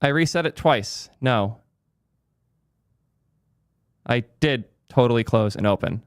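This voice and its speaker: A man's voice: medium pitch, expressive, takes it slowly, clean tone, no room sound. Irritated man ranting into a close, dry mic. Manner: annoyed, swearing, ranting at chat. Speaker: tech streamer. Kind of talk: frustrated live commentary.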